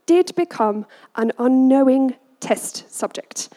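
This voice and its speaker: Woman, parent telling a story, animated, acts out quotes, high voice. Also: takes it slowly. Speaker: parent giving a message. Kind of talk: personal storytelling talk.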